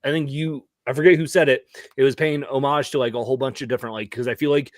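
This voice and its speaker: A man's voice: medium pitch, fairly even intonation, fast, dry recording. Rambling panelist man, dry sound. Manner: rambling, lots of "like" and "you know". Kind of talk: casual panel chat.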